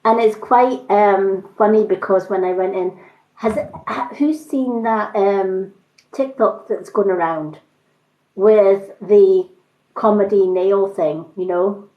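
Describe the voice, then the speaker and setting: A woman's voice: mid-range voice, slow pace. A woman selling makeup and skincare, chatting casually on a live stream and rambling through stories with lots of fillers. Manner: rambling storyteller with frequent fillers. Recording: roomy, slightly dull sound.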